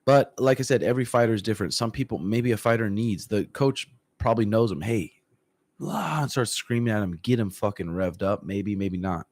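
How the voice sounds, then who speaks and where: A man who works as a fight coach, chatting casually on a livestream and answering viewer comments in a relaxed, profane way, often clearing his throat. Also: fairly low pitch, a little fast, hardly any pauses, no room sound. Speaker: MMA coach. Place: room at home.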